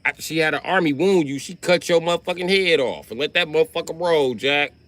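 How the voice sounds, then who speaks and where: A man's voice: a little high, brisk. A man on a live stream delivering a profane comic rant, swearing heavily as he goes. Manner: loud, animated, swearing heavily. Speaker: livestreamer.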